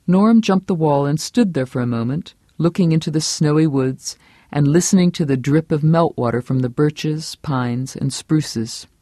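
An audiobook narrator reading a novel in a steady, measured way, with a middle-range voice. The recording is dry and close, with no room sound. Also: mid-range voice, no echo. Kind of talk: scripted narration.

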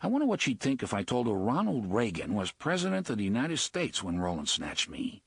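A man's voice: mid-range voice, huge pitch swings, brisk, vocal fry, breathy edge, no room sound, studio quality, full character voice. A man reading a nervy, wisecracking young man in an audiobook, jittery under stress. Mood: musing. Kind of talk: audiobook character voice.

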